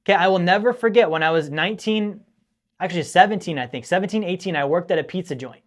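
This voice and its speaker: A man's voice: high voice, fast talker. A man hosting a finance show, teaching straight to the audience in an emphatic, scolding way that repeats points for stress. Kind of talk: direct-to-camera teaching monologue.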